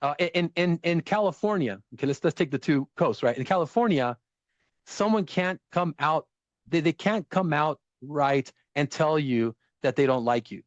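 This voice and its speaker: A man hosting a casual talk show, rambling, profane and full of animated impressions. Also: fairly high pitch, normal speed, no echo, muffled recording. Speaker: podcast host. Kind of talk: casual political chat.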